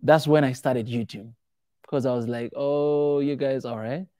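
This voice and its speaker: A man's voice: medium pitch, a little slow, no echo, studio quality. Man telling stories to a small crowd. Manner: animated, acts out quoted voices. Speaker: speaker answering audience questions. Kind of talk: casual storytelling talk.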